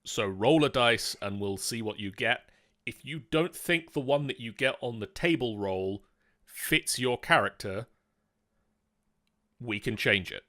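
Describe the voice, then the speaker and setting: A man's voice: mid-range voice, animated, measured pace, fairly bright tone. A man running a tabletop game on a live stream, patiently explaining the rules step by step and reading out chat messages. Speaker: game master.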